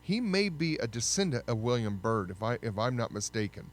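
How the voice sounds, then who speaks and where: A man giving a casual, conversational history lesson, often pausing to correct himself. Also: mid-range voice, big pitch swings, faint music behind. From United States. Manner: conversational, with frequent fillers and self-corrections. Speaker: history teacher.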